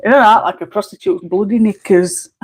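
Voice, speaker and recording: A woman from Barnsley with a Barnsley Yorkshire accent, chatting casually on a colouring live stream at home, blunt and quick to laugh, with mild swearing. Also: medium pitch, slightly rough, low-quality recording. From Barnsley, England. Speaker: colouring livestreamer.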